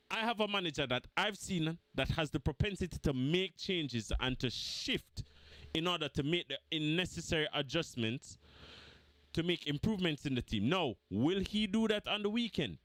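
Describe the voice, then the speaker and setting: A man rants about football in a high, wildly swinging voice. He mocks his rivals and hammers the same points again and again. The sound is close and dry, with no room around it. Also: moderate pace, no echo. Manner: animated, mocking, repeats points for emphasis. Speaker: football fan vlogger. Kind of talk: heated football fan rant.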